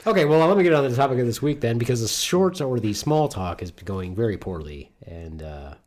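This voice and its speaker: A middle-aged man from Michigan hosts a podcast from his home studio. He rambles and jokes, swearing freely, and his pitch swings widely as he riffs. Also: expressive, fairly quick, darkish tone. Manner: rambling, profane, joking. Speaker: podcast host. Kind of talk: casual podcast banter.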